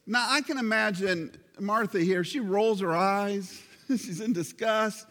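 Male pastor, high voice, emphatic sermon delivery, long hall reverb. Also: a bit bright. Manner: emphatic, with slow stressed phrases.

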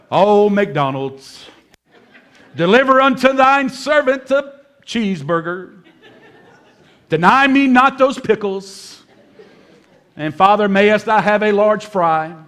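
A man's voice: sits high, a bit bright. A man preaching as a pastor, talking to his church in a conversational, humorous way and often checking in with "right?". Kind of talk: sermon. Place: church service.

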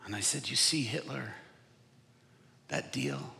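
A male evangelist whose voice is sharp and tense, with a gravelly edge. He tells a story from the stage, dropping to hushed whispers and then rising to loud, impassioned bursts. Long reverb from a large hall trails every word. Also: mid-range voice, sing-song, a little slow. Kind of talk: sermon storytelling. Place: conference stage.

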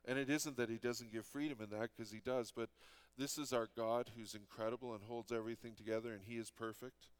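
A man's voice: medium pitch, steady tone, brisk, clear, resonant tone. A man in his fifties from Canada, preaching a sermon as pastor in an earnest, conversational way with frequent restarts.

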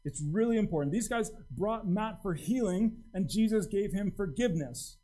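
A man preaching a sermon, his pitch rising and falling a lot as he talks. His voice is mellow and warm rather than bright. He speaks conversationally and often restarts his sentences. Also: lively intonation, moderate pace, low-quality recording. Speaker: pastor.

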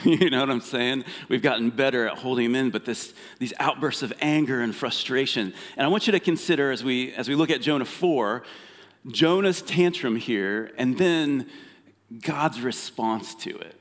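A male pastor giving a casual sermon and talking as if chatting with the congregation, often restarting his sentences. His voice sits at an ordinary middle pitch. The sound rings with the long reverb of a church hall. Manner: conversational, frequent fillers and restarts.

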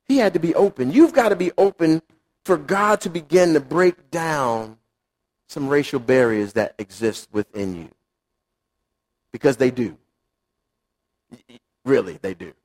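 High-voiced pastor guy preaching, chatty and lively, acts stuff out. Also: a little slow, pauses often. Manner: animated, conversational, acts out quotes. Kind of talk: sermon.

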